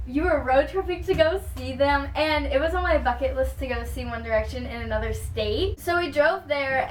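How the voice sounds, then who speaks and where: A high-pitched woman from Texas tells a storytime vlog, gushing and excitable, her talk full of fillers. She sits a little back from the microphone, and the room gives her voice a roomy echo. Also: slight background noise. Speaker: vlogger. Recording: roomy sound with the mic at a distance.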